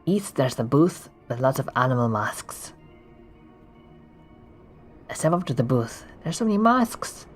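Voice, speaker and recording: A streamer casually narrating a text adventure game, reading the descriptions aloud with quick offhand asides. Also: medium pitch, sing-song, faint music behind.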